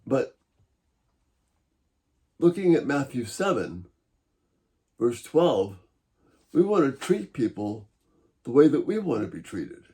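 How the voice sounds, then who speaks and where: A middle-aged man with a mid-range voice gives a calm, measured Bible-based teaching talk. He walks through principles in a gently persuasive way.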